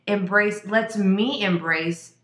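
A woman's voice: mid-range voice, slow, a bit bright. A woman from Mexico co-hosting a casual chat, talking bluntly and with plenty of swearing. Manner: blunt, profane and emphatic. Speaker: podcast co-host. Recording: echoey room.

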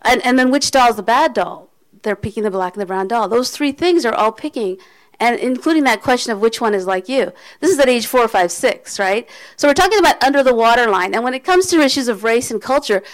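A woman's voice: a little high, animated, fairly quick, rough recording. Candid american woman giving a talk. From United States. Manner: candid, conversational, with restarts and asides. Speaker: speaker. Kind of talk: talk to an audience.

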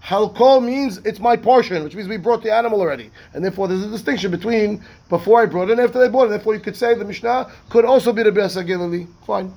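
A man, a rabbi teaching a Talmud class, reading text quickly and explaining it in rhetorical questions. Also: high-pitched, gravelly. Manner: animated, reads Hebrew text fast then explains in English; asks rhetorical questions, acts out the rabbis' voices.

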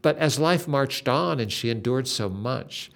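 An older man telling a faith story in an earnest, dramatic way, with lively shifts in emphasis. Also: mid-range voice, measured pace, vocal fry.

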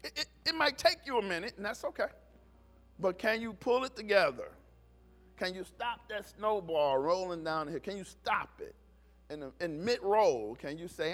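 Preaching at a normal speed, the middle-aged man speaks in a high-pitched voice. He brings his sermon's stories to life by voicing the people who appear in them.

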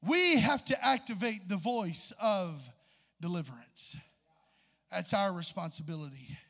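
A man delivers a sermon in a strikingly high voice, swelling from quiet reflection to fervent, near-shouted appeals. His words ring out with a long reverb, as if he were recorded in a large hall. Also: lively intonation, a little slow, vocal fry. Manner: impassioned, building to near-shouts with church interjections. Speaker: preacher.

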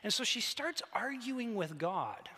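A man preaching a sermon, retelling a story with animated, conversational asides. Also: high-pitched, measured pace, breathy edge. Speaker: pastor. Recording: long hall reverb.

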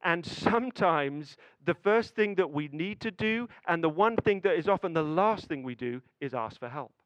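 A man's voice: on the high side, lively intonation, moderate pace, fairly bright tone, no echo, rough recording. A man preaching a sermon, telling a family story with building suspense and acted-out dialogue.

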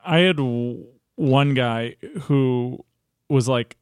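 A man's voice: mid-range voice, extremely slow, clean tone, no room sound. A man in his thirties, a coaching guest, talking casually and animatedly. He swears freely and plays out the dialogue in his stories. The recording is dry and close. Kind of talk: casual storytelling interview.

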